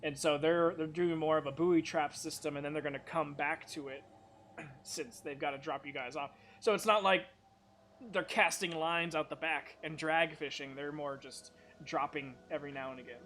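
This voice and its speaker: A man's voice: a little high, fairly even intonation, moderate pace, a bit bright. Casual male game master, faint hiss. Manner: casual, swearing, loose explanations. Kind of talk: narrating a tabletop game.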